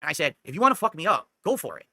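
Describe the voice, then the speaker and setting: Fast-talking bright-voiced man telling a story. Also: fairly high pitch, big pitch swings, gravelly, no room sound. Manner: rambling, defensive, keeps asking "okay?". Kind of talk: casual storytelling.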